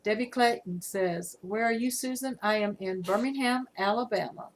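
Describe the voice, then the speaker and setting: A woman's voice: medium pitch, moderate pace, slight background noise. A woman in her fifties with a Southern US accent, casually chatting on a live stream and reading viewer comments aloud. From Virginia, USA. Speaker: livestream host.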